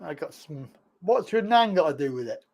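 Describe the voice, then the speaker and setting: A man's voice: on the high side, very animated, moderate pace, vocal fry, a little mellow. A man hosting a casual livestream chat, laid-back and teasing with his callers. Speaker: livestream host.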